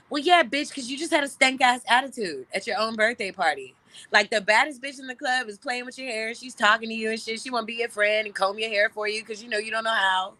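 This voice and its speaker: A woman in her thirties with a bright, forceful voice swaps stories in an animated way. She swears freely and jumps into loud, high-pitched impressions of what everyone said. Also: quick pace, no room sound. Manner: animated and profane, acts out quoted lines in loud high voices. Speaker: celebrity guest. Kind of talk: casual storytelling chat.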